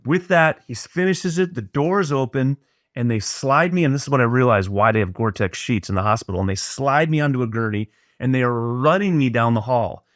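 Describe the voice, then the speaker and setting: A middle-aged man tells a personal story as a podcast guest. He speaks at a mid pitch, earnest and reflective, and often restarts his sentences. The recording is close and dry. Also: brisk, fairly bright tone, no room sound.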